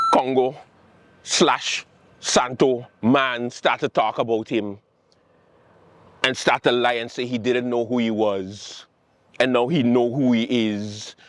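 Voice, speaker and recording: A man's voice: medium pitch, no room sound. Sarcastic man ranting. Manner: animated, sarcastic, mocking quotes and repetition. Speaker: late-night show host. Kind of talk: comedic political rant. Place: outdoors with planes overhead.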